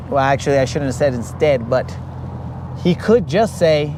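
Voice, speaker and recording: Man, high voice, fishing stream host, slangy, teasing, outdoors on a lake, faint hum behind. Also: lively intonation, moderate pace, a little mellow. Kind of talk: casual chat.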